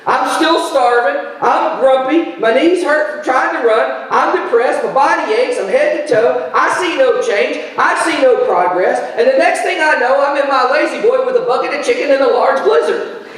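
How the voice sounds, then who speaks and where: Man, pastor, sermon, very high voice, animated self-deprecating delivery, heavy church echo, far from the mic. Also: normal speed. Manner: animated, self-deprecating storytelling with repeated phrases. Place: church sanctuary. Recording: very echoey church sanctuary, voice from far off.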